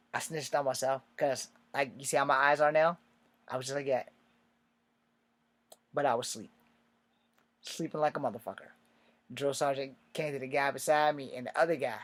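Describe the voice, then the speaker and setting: Man, slightly high voice, casual rambling storytelling, profane, filler-heavy. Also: sharp tone. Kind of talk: casual spoken anecdote.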